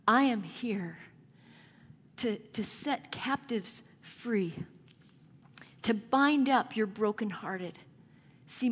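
Hushed, tender crucified Jesus, a woman acting it out in a sermon; mid pitch, long hall echo. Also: breathy edge. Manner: soft, hushed, pleading first-person address. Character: adult male Jesus speaking from the cross, tender and suffering.

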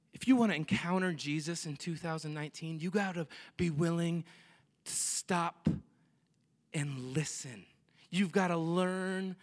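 A young man preaches in a loose, conversational way, acting out little scenes as he goes. His voice sits high and sounds bright and forward. Long reverb trails behind him from the big church hall. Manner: animated, chatty preaching with jokes and acted-out quotes. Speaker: pastor. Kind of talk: sermon. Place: church sanctuary.

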